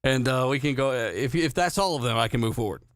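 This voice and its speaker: A man's voice: medium pitch, fast talker, no room sound, clean studio sound. A man hosting a casual gaming podcast, joking and profane, addressing the live chat. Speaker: podcast host.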